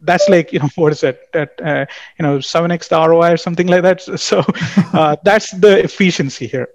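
A man's voice: a little high, brisk, no echo. A man talking as a startup executive in a casual business conversation, full of fillers and tag questions. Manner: filler-heavy, tags statements with "right?".

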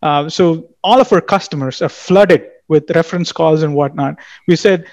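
A man's voice: on the high side, normal speed, darkish tone, no echo. A man talking as a startup executive in a casual business conversation, full of fillers and tag questions. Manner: filler-heavy, tags statements with "right?".

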